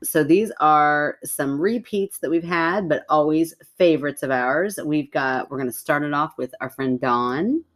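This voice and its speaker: A woman's voice: low voice, a little slow, few pauses. A woman co-hosting a podcast, chatting casually and reading listener stories aloud, laughing often. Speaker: podcast co-host.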